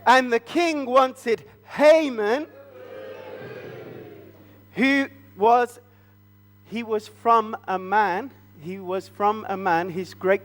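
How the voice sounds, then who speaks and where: A man telling an interactive Bible story to children at a family church service, playful and asking them questions. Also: high-pitched.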